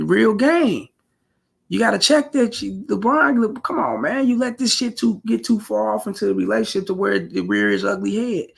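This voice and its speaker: A man delivers a casual commentary rant, blunt and profane, repeating his points in street slang. His voice is gravelly with a husky edge. It also sits slightly high for a man. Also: lively intonation, normal speed. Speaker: commentary vlogger.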